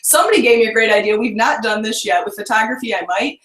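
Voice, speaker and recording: A woman's voice: fairly high pitch, quick pace, fairly bright tone, slight background noise. A woman guest in a casual interview, chatty and bubbly, laughing easily, on a video call. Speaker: guest business owner. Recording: roomy echo.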